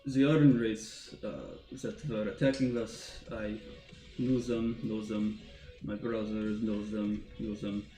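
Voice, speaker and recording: A man speaking in character during a tabletop game, quiet and hesitant, with frequent pauses. His tone is mellow and warm. The room is echoey, with faint music underneath. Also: on the low side, level tone. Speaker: player. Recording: roomy echo, faint music.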